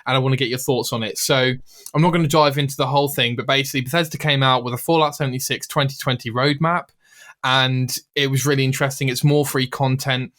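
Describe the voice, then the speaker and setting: Male podcast host, casual and chatty, average pitch. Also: fairly even intonation, fast talker, fairly bright tone. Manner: chatty, filler-heavy, reads out listener email. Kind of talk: casual gaming chat.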